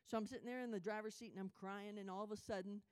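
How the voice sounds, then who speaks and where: Woman, Bible study speaker, earnest conversational preaching, emotional testimony, reads scripture slowly. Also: medium pitch, steady tone, a little mellow, smooth. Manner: emotional, conversational storytelling that asks the audience questions; leads listeners in reading scripture aloud, slow and emphatic. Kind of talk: sermon with personal testimony.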